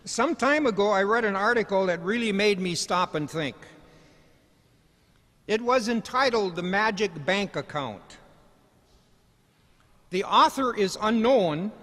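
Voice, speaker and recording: A man giving a commencement speech, telling stories in a folksy, gently humorous way. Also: high voice. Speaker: commencement speaker. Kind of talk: ceremonial speech with storytelling. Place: commencement ceremony hall. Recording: large hall reverb.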